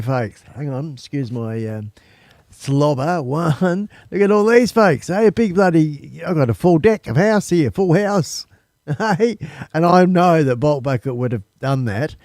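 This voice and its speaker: A man's voice: a little high, expressive, normal speed, a little mellow, dry recording. An Australian man hosting a casual live stream from his temporary studio, chatting to viewers in a rambling, friendly way and calling them folks.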